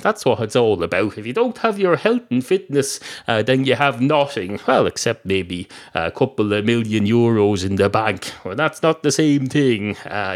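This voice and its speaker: An Irish man hosting a podcast, rambling through a deadpan, improvised comic monologue full of digressions. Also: mid-range voice. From Ireland. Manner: deadpan, digressive, talks to himself. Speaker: podcast host.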